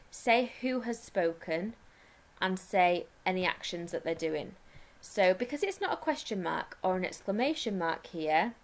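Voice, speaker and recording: In this recorded lesson, a primary school teacher with an English accent speaks at a fairly low pitch. She explains step by step and eases her pace whenever she dictates.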